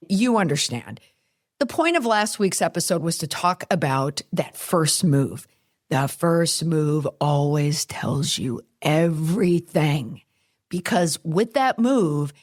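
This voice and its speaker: Casting: middle-aged woman, podcast host, wry and chatty, slightly low voice. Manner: wry, chatty, laughs at her own asides. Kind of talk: casual commentary podcast.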